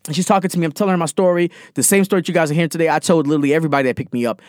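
Young male podcast host, rapid animated storyteller, slightly high voice, dry close sound. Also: no echo. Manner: animated, acts out conversations in quotes; addresses listeners as guys. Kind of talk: casual storytelling monologue.

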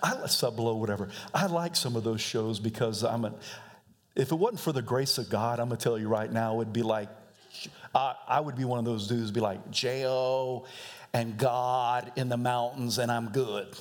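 Joking preacher in a reverberant hall. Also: male voice, mid-range voice, fairly quick. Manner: joking, conversational, laughs often. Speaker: pastor. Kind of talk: sermon. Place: church sanctuary.

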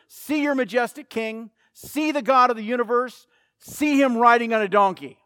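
A man's voice: very high voice, normal speed, a bit bright, clear, resonant tone, no echo, clean studio sound. A man preaching a sermon, emphatic and repeating key phrases for effect. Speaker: pastor.

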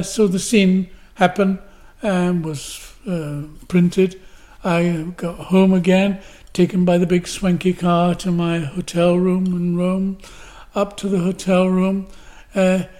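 An older man from Glasgow sits as an interview guest, recalling stories at length. His voice is warm and mellow. He acts out every quote he tells. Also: high-pitched. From Glasgow, Scotland. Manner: vivid storyteller who acts out the quotes. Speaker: guest actor. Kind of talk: anecdotal storytelling.

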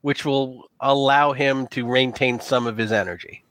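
A man running a tabletop game as game master, narrating in a loose, halting way with many restarts. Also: medium pitch, steady tone, fairly bright tone, no echo.

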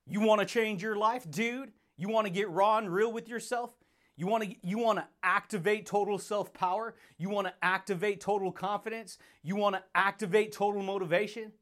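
A man's voice: high-pitched, a bit bright. A man hosting a self-help podcast, giving a hyped, playful motivational monologue, laughing often and calling listeners buddy and baby.

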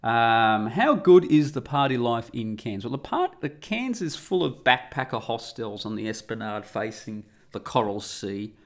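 A man's voice: medium pitch, very animated, unhurried, few pauses. A middle-aged Australian man guest-hosting a podcast from home, talking in a rambling, irreverent and profane casual monologue. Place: home room.

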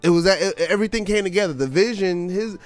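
Talking quickly in a high-pitched voice, a male podcaster recounts a family story casually and animatedly, using lots of filler words. Faint music plays behind him.

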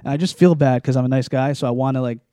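A man's voice: mid-range voice, quick pace, warm tone, no echo, clean studio sound. A young man telling a long story in casual chat, rambling with many likes and restarts.

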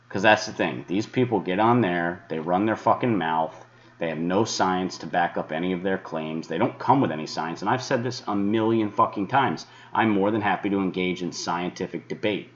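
A very deep-voiced man rants furiously on his weather podcast, cursing freely and mockingly mimicking his critics. The recording sounds dull and lo-fi, as if the high end has been shaved off. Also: normal speed. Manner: angry, swearing, mocking imitations of critics. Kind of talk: profane ranting monologue.

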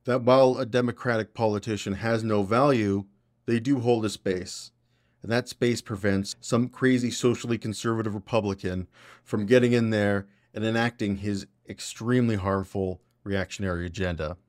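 A man's voice: fairly low pitch, fairly even intonation, moderate pace, no echo, clean studio sound. A man hosting a podcast, giving casual, blunt and opinionated political commentary. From Canada. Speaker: podcast host.

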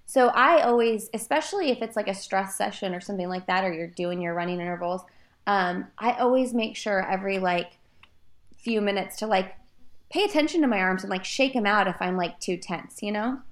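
A woman co-hosting a casual chat, sharing running tips in a relaxed way with many fillers. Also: mid-range voice, fairly quick. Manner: relaxed, filler-heavy with frequent "like". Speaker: running podcast co-host.

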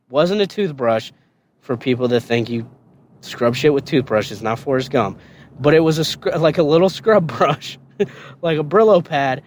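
A man's voice: lively intonation, moderate pace. A man on a podcast telling a story from his past, swearing freely, laughing often, and acting out the other people's lines. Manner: laughing, swearing, acts out quotes in a higher voice. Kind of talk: casual storytelling.

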